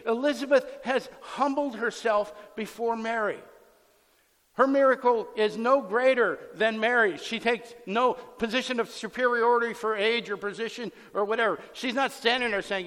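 A man preaches a sermon as pastor in a very high, fairly bright voice with lively intonation at normal speed. Conversational and emphatic, he acts out the scenes he explains, and a long hall reverb surrounds him.

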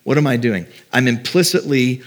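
A man's voice: mid-range voice, moderate pace. A middle-aged man preaching a sermon as pastor, talking in a conversational way and acting out doubts in quoted voices.

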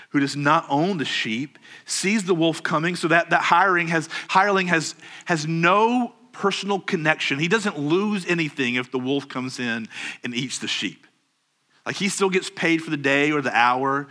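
A man preaching a sermon, earnest and measured, slowing down on key phrases and rising into urgent questions. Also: a little high, bright, forceful tone. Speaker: pastor.

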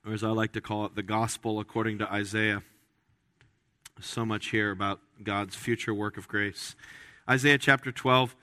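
A man's voice: fairly low pitch, little pitch movement, normal speed, sharp tone, no echo, clean studio sound. A man preaching a sermon in a church, talking in a conversational, joking way and often restarting his phrases. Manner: conversational, with frequent restarts and jokes. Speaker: pastor. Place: church sanctuary.

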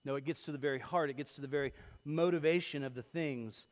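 Pastor preaching in a reverberant hall. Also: male voice, fairly high pitch, fast talker. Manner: lively storytelling, swings from loud to hushed. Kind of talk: sermon. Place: church sanctuary.

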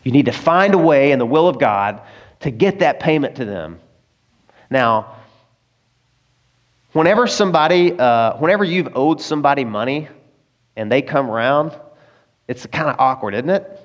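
A man's voice: medium pitch, expressive, moderate pace, pauses often. A man preaching a sermon in a conversational way, with personal stories and frequent asides to the congregation. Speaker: pastor.

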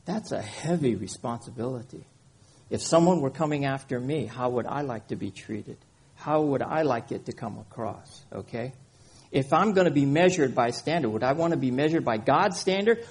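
A man's voice: mid-range voice, slightly rough. A man preaching a conversational sermon, reading scripture and often checking in with his listeners. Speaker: pastor.

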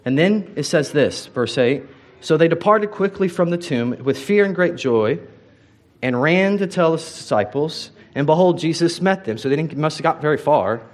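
Lively, animated male pastor preaching. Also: a little high, moderate pace. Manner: animated, conversational preaching with asides to the congregation. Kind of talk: sermon.

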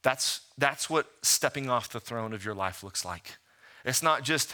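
Pastor, man, 30s: bright sermon voice, rhetorical questions, lively storytelling. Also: medium pitch, unhurried.

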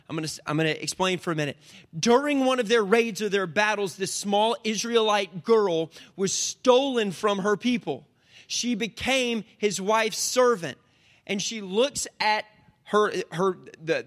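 A man preaching a sermon as pastor, telling Bible stories with lively asides and quick put-on voices for the people in them. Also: sits high. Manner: animated storytelling, jumps into voices and back.

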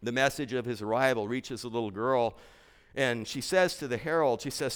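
A man preaching a sermon, telling a story in slow, emphatic phrases with dramatic pauses. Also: mid-range voice, clean tone.

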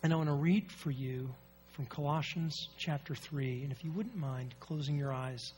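A man's voice: fairly high pitch, darkish tone, faint music behind. A man preaching a sermon with a congested, nasal voice from allergies, telling stories and reading scripture with strong emphasis. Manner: storytelling, rising and falling emphasis, reads scripture slowly. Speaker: pastor.

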